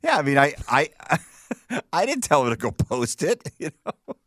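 A man casually telling stories on a podcast, animated and stumbling over restarts, acting out quotes. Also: on the high side, moderate pace, dry recording, clean studio sound. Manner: animated storyteller, many restarts, acts out quotes. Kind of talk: casual chat, storytelling.

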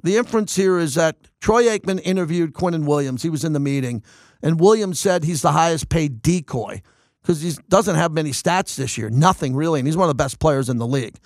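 A man in his fifties runs a sports radio monologue in an emphatic, excitable voice that sits a little high. The sound is dry and close with no room around it. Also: a little fast, no room sound.

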